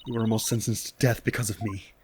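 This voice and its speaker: A man voicing a grave, resolute widowed noblewoman in a game let's play, with a lowered delivery. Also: fairly even intonation, quick pace, darkish tone, a little hiss or hum, natural voice. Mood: solemn.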